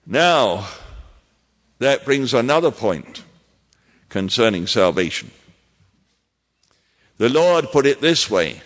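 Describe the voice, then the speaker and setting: Male pastor, mid-pitched voice, unhurried emphatic sermon delivery, reverberant church hall. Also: very animated. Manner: measured preaching with emphatic repetitions.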